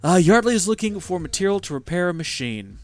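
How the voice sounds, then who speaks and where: Southern US male let's-play host; animated, sarcastic, casual commentary. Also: high-pitched, fast. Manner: chatty, sarcastic asides.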